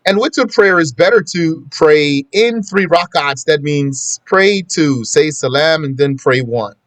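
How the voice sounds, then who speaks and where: A man's voice: fairly high pitch, a little slow, no echo. A man teaching a classroom lesson on prayer, explaining step by step and reciting Arabic quotations before translating them. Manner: plain conversational teaching with asides to students. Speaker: Islamic studies teacher. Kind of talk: classroom lesson on a law text.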